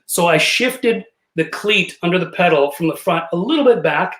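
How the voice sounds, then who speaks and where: With a high-pitched, slightly bright voice and lively intonation at a normal speed, the man of around fifty jokes and laughs through stories as a podcast guest. It's a casual chat on a video call with roomy, echoey sound.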